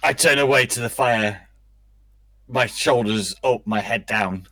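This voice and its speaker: Slow-talking male game player. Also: medium pitch, sharp tone, no room sound. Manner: slow, describing actions. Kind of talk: tabletop game play over a call.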